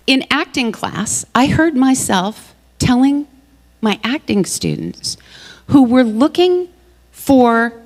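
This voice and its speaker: A woman giving a sermon at a church service, telling personal stories with animated, laughing, self-mocking humor. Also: fairly high pitch. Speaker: guest speaker at a church service. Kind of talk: storytelling sermon. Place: large hall. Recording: long reverb of a large hall.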